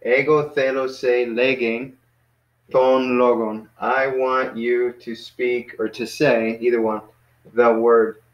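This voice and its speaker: A man teaching a language class online, patiently coaching students and slowly spelling out words. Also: medium pitch, level tone. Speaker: Greek teacher. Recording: echoey, muffled video call audio.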